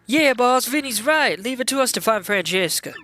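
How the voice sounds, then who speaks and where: A man's voice: extremely high pitch, lively intonation, normal speed, pushed and bright, faint music behind, voice pushed up, full character voice. A man doing a fawning gangster-accented henchman. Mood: eager. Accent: New York gangster. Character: eager fawning male mob henchman.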